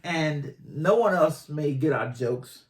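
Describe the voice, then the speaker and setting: A woman's voice: sits low, animated, takes it slowly. Teasing woman with a Boston accent. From Boston, USA. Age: 50s. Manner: teasing, laughing often. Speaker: co-host of a couple's channel. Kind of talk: casual chat.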